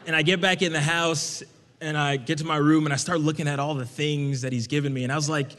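A young man telling a personal story to an audience in a casual, conversational way, getting animated when he quotes himself. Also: a little high, brisk, slight background noise. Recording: long hall reverb.

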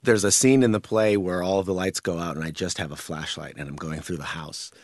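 A man who acts on stage, telling backstage stories with relaxed enthusiasm. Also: low-pitched, brisk, no echo, clean studio sound. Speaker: stage actor, guest. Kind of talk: interview answers.

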